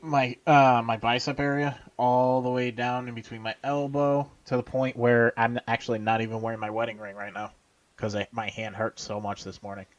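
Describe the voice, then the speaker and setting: A man co-hosting a podcast in casual chat, halting and full of fillers and restarts. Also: medium pitch, level tone, highs cut off. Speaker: podcast co-host.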